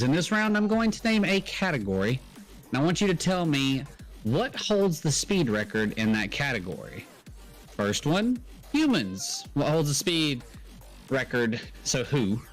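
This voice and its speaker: A man's voice: medium pitch, rough recording. A man co-hosting a livestreamed trivia game, rambling in casual banter and laughing easily. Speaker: trivia co-host.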